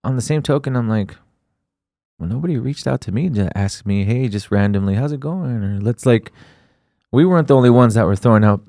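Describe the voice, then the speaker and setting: A man's voice: medium pitch, lively intonation, brisk, vocal fry, mellow, no room sound, clean studio sound. Earnest, rambling male podcast co-host. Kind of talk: casual chat.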